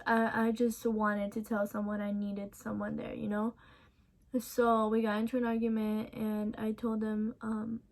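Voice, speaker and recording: A young woman in a casual storytime vlog, recounting events softly with many ums and restarts. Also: on the high side. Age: young adult. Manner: casual, soft-spoken storytelling with many fillers. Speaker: vlogger.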